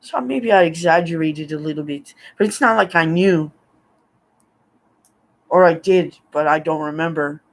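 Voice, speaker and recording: A man's voice: on the high side, normal speed, pauses often. A man, rambling through a personal story and laughing often between remarks. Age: 50s. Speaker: vlogger.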